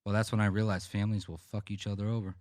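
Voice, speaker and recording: A man's voice: fairly low pitch, rapid-fire, no room sound, clean studio sound. A man on a podcast telling a profane, rambling story in casual chat. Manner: rambling, profane, animated anecdotes. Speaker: podcast co-host.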